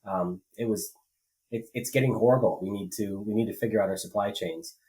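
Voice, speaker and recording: A man's voice: lowish voice, brisk, warm tone, poor audio. A man co-hosting a political podcast, talking casually and rambling with many fillers and restarts. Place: rural home.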